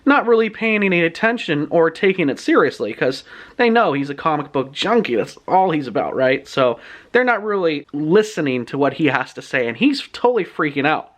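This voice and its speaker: A man retelling a book's plot in his own words, in a chatty, animated storytelling manner. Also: on the high side, brisk. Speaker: book reviewer.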